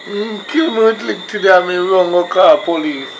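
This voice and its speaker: A man's voice: high-pitched, moderate pace, vocal fry. A man with a Jamaican accent playing a boy put out of his home, pleading in patois. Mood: explaining. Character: sulky Jamaican boy seeking shelter, pleading. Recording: noisy outdoor night recording, crickets.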